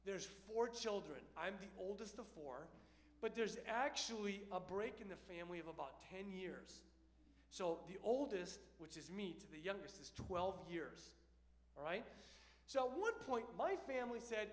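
Man with a high voice, animated storyteller, hall echo behind him. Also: normal speed. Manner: lively, conversational, often checks in with the listener. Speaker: storyteller speaking to an audience.

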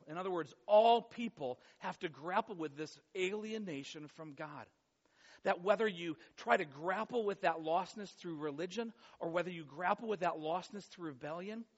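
A man preaching a sermon as a pastor, talking conversationally with animated, playful asides. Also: on the high side. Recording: dull sound with long hall reverb.

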